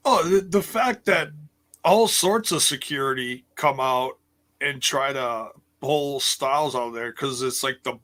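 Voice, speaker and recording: A man co-hosting a casual podcast, talking in halting bursts with frequent restarts. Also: medium pitch, pushed and bright. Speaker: podcast co-host. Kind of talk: casual chat.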